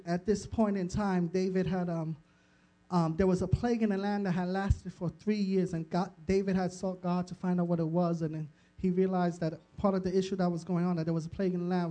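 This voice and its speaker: A man's voice: high voice, mellow. A man preaching a sermon, telling a personal story with frequent laughter, acting out conversations and stumbling over restarts. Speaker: pastor.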